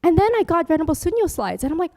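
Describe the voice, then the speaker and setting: A Buddhist nun gives a dharma workshop talk with slides, her voice very high and very fast, very animated and a touch mellow. She keeps it chatty, tosses in joking asides, and laughs often.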